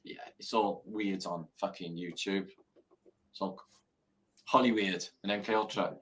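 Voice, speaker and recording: A man's voice: low-pitched, fairly even intonation, unhurried, fairly bright tone. A man hosting a live stream, chatting casually, swearing freely and telling dad jokes. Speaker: livestream host.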